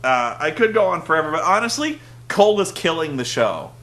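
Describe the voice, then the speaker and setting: A young man hosting a casual recap, rambling and animated, breaking into loud shouted impressions. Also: on the high side, fairly quick. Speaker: web show host. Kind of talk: casual wrestling recap rant.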